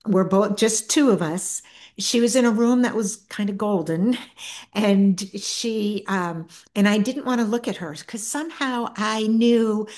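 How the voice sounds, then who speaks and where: A middle-aged woman, an author and guest, tells a personal story in a soft, earnest way, often stopping and restarting her sentences. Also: mid-range voice. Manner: soft-spoken, earnest, halting with many restarts.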